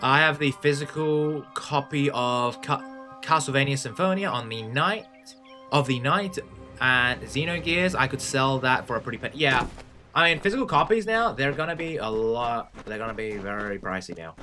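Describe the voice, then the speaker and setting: A young Australian man chatting casually with his viewers while playing a game on a live stream, rambling, swearing and getting excited. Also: mid-range voice, moderate pace. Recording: music playing behind the voice.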